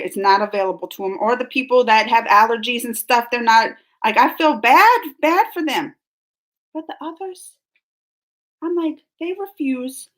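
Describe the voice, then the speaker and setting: High-voiced woman chatting on a live stream. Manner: rambling, animated and indignant, with quick laughs. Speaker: streamer reading live chat. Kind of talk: casual live-stream chat.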